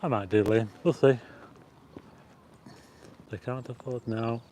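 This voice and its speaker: A man hosts a live walking vlog through a city park, talking loosely and warmly to his viewers. His voice sits mid-range for a man, and a faint outdoor hiss with birds runs underneath. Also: mid-range voice, steady tone, slow pace. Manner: chatty and rambling, greets viewers and reads out chat. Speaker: livestream host. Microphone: plug-in mic on a phone with a stabilizer.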